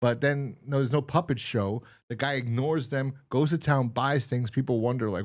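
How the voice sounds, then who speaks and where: A man's voice: mid-range voice, normal speed. A man co-hosting a podcast in casual chat, rambling and exasperated as he retells a TV episode and acts out its lines. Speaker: podcast co-host.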